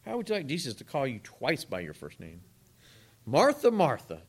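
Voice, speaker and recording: Animated, lively male preacher. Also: mid-range voice, quick pace, husky. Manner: conversational, animated preaching with asides to the congregation. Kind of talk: sermon.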